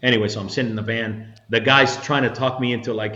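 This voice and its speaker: A man's voice: medium pitch, quick pace. An older man, a retired federal agent, telling stories as an interview guest, acting out the voices of the people in them. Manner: animated storyteller acting out quoted voices. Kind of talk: storytelling interview. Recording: echoey room, slightly dull sound.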